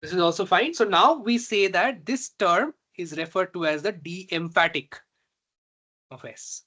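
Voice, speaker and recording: A man teaching a reinforcement learning tutorial, slow and halting, often pausing to check that students follow. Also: on the high side, pushed and bright. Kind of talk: online math tutorial.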